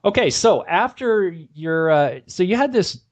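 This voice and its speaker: A man's voice: sits high, sing-song, unhurried, no room sound. An American man hosting an interview in a conversational way, stumbling a little over his questions. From United States. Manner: conversational, hesitant restarts when asking questions. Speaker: host. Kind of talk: casual interview. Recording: dry, muffled lo-fi sound.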